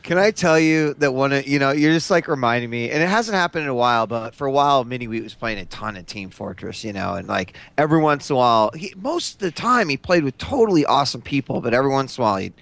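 A man telling a story in casual chat, expressive and lively. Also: mid-range voice, fast talker, creaky, few pauses, no room sound.

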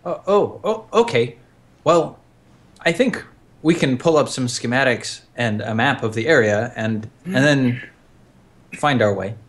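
A man's voice: mid-range voice, lively intonation, unhurried. A man playing a tabletop role-playing game, chatting eagerly about his character's gear. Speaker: player. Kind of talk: tabletop role-play chat.

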